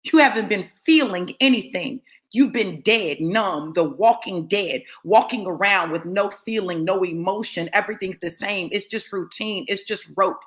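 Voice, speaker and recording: A woman's voice: medium pitch, normal speed, hardly any pauses. A woman delivers a fiery sermon. She is blunt and confrontational, driving each point home through emphatic repetition. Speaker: motivational preacher.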